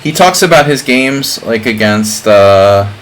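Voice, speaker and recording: Middle-aged guy streaming chess, rambly chat, bit low voice, faint ac hum behind. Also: lively intonation, takes it slowly, poor audio. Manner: rambling, chatty, full of "like" fillers. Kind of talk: casual live-stream chat.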